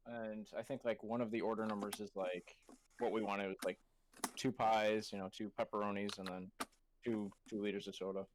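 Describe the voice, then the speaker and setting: A man telling a casual story on a live stream, relaxed and hesitant, with frequent fillers. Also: lowish voice, slight background noise. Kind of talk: casual chat, telling an anecdote.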